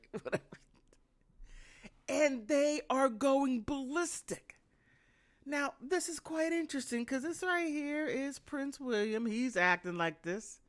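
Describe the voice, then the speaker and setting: An American woman giving casual, sarcastic commentary, often laughing. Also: a little high. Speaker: vlogger.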